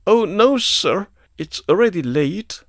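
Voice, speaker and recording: A man voicing a calm, quick-witted young woman, speaking in a raised, gentle tone in a dry recording. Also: sits high, dry recording, voice pushed up, exaggerated voice. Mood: polite. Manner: feigning sleepy politeness.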